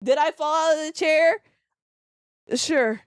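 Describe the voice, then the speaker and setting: A young woman streaming live, teary and excitable, rambling and giggling as she reacts. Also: high-pitched, unhurried, dry recording, clean studio sound. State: teary from crying.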